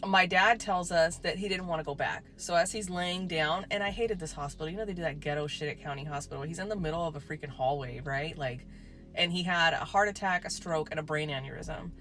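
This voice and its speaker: A woman's voice: low-pitched, a bit bright. A woman telling a true story in a casual storytime way, chatty, swearing and saying "like" a lot. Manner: chatty, swears, heavy use of "like".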